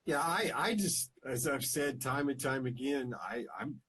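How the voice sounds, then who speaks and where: A man's voice: medium pitch, animated, a little slow, fairly bright tone. Earnest male podcast co-host, faint hiss. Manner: earnest, emphatic, teasing. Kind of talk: casual chat.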